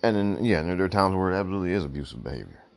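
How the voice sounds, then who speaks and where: A man's voice: low voice, expressive, rapid-fire, gravelly. A man hosting his own show, giving blunt, emphatic opinions and often repeating "look" to drive points home, while fighting the hiccups. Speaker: podcast host. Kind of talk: opinionated solo commentary.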